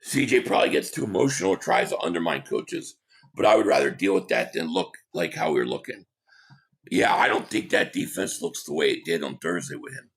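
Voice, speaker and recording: A hoarse man with a gravelly, creaky voice hosts a casual live stream, reading viewer comments and agreeing or pushing back bluntly. His voice sits fairly low but swings widely in pitch. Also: big pitch swings, a bit bright. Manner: opinionated, quick agreement with viewers.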